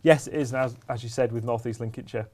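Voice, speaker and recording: A man co-presenting local news in a casual studio chat, pausing often with ums and restarts. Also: medium pitch, steady tone, darkish tone. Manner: hesitant, lots of ums and restarts.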